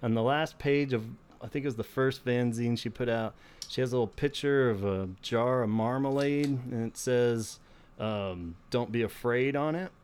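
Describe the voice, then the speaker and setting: Casual podcast host, man, smooth clear voice, laughs a lot, relaxed delivery. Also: medium pitch, normal speed. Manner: laid-back, laughs often, says "like" a lot. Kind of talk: casual chat.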